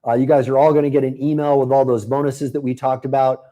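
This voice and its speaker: On a live webinar, a mellow man pitches a marketing program in a chatty, upbeat manner, calling viewers by name as he answers them. He talks fast with a level tone.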